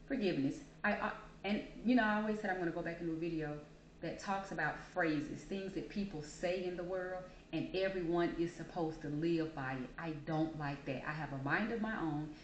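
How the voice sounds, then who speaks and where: Woman vlog host, low voice, emphatic and opinionated, echoey room with faint noise. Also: brisk. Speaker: vlogger host. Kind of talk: casual opinion monologue vlog.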